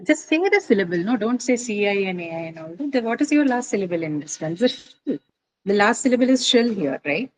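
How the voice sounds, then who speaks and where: A woman's voice: medium pitch, expressive, fairly quick, low-quality recording. A woman teacher lecturing a class, explaining step by step with frequent fillers and tag questions. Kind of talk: classroom lecture on word stress.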